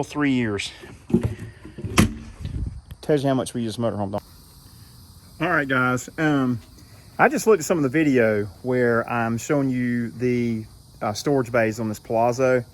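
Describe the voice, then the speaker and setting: A middle-aged man casually rambling through a walk-through of his RV, recorded on a phone outdoors at a campsite at night. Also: medium pitch. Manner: rambling and folksy, with frequent fillers. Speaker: RV owner vlogger. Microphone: handheld phone. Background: crickets and insects.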